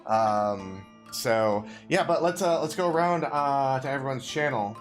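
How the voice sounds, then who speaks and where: A man from the Midwest, the game master, wrapping up a session in a relaxed, hesitant way. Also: medium pitch, measured pace, faint music behind. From Midwest United States. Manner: hesitant, lots of uhs, relaxed. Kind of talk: casual tabletop game narration.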